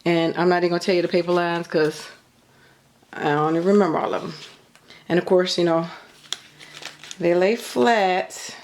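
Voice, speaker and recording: Behind the camera at her home craft table, a middle-aged woman shows off crafts in a casual vlog, a bit out of breath and rambling with lots of fillers. Her lowish, slightly mellow voice keeps a steady tone at normal speed with long pauses, over a little hiss or hum.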